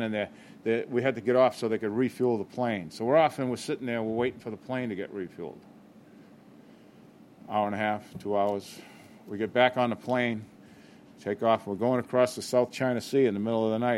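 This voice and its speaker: A man's voice: mid-range voice, a little mellow, slight background noise. Older man, candid, self-mocking recovery talk. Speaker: speaker at a recovery meeting.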